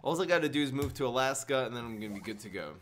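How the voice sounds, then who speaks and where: A man's voice: mid-range voice, animated, rapid-fire, a bit bright, a little hiss or hum. A man from Minnesota streaming a card game, joking and talking to his viewers in casual commentary. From Minnesota, USA. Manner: playful, jokey, talks to viewers, frequent laughs. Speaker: gaming streamer.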